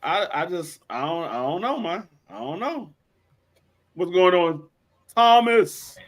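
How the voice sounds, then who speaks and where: A man hosting a casual sports talk stream, joking through animated banter. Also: sits high, slow pace.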